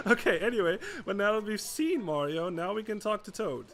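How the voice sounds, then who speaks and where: A man talks through a video game in a casual stream, laughing often and cursing freely. His voice sits high and bright. Faint game music plays underneath. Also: animated, a little fast, few pauses. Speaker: gaming streamer. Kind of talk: gameplay commentary.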